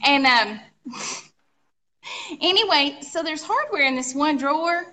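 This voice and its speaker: Woman co-host, lively storyteller with sound effects, high voice, bright tone. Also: slow. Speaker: co-host of a live furniture painting show. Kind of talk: casual storytelling chat.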